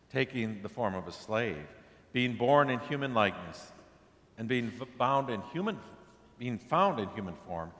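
A man's voice: lowish voice, fairly bright tone, in a large hall. A man preaching a sermon in a conversational way, pushing his voice up for emphatic questions. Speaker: pastor.

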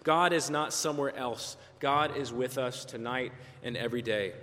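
A man preaches in a church, retelling a story in a gentle, unhurried storyteller's way. His voice sits at an ordinary pitch for a man and trails a long reverb through the sanctuary. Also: a little hiss or hum. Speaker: pastor. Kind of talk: sermon storytelling.

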